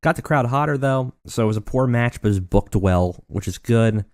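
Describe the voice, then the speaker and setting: A man hosting a let's play, narrating and commenting on a wrestling booking game in a relaxed, rambling way full of fillers. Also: mid-range voice, fairly quick, no room sound, studio quality.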